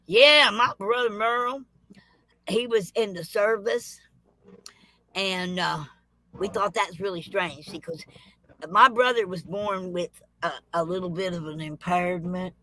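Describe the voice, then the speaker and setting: A woman's voice: medium pitch, a little slow, rough recording. A woman telling comic tall tales in a folksy, drawling storytelling manner. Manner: drawling, rural, lively tall-tale delivery.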